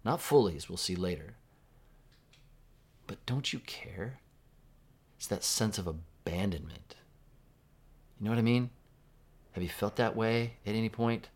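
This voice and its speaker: A deep-voiced man preaching a sermon. He talks in a conversational way and asks his congregation questions as he goes. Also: moderate pace, long pauses, darkish tone. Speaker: pastor.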